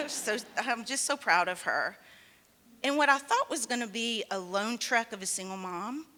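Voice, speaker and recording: A woman's voice: medium pitch, lively intonation, background noise. A woman in her forties giving an earnest personal talk as a summit speaker at an event in a museum. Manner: earnest, storytelling, quick laughs. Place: art museum event hall. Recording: long hall reverb.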